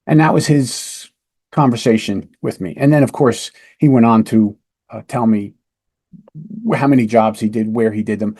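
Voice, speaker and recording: Man, police lieutenant, podcast host, instructional storytelling, emphatic, mellow tone. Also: mid-range voice, steady tone, moderate pace, breathy edge. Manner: conversational, emphatic, asks "right?".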